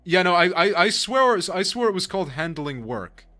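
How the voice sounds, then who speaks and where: A man's voice: high voice, sing-song, normal speed, bright, forceful tone, no room sound, faint music behind. A man live-streaming a game, chatting with his viewers in a casual, profane way, laughing often and apologizing to chat.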